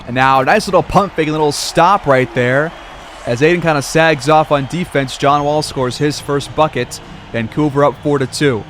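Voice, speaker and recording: A man's voice: fairly high pitch, moderate pace, fairly bright tone, faint music behind. A man calling a simulated basketball game play-by-play like a sportscaster, with casual asides. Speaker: gaming video creator.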